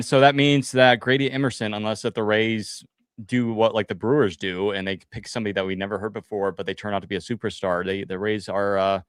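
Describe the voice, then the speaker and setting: A man with a fairly low voice chats casually on a live stream. He rambles excitedly and restarts his sentences often. The sound is dry and close, with no room echo. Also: smooth. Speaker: co-host of a team podcast stream. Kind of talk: casual live reaction chat.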